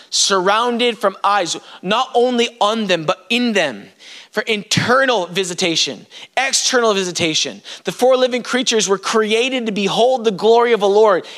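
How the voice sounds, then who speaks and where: A man delivers a fervent sermon, his voice pitched very high for a man. His tone is bright and forceful, and he breaks into sudden shouts as he preaches. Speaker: pastor.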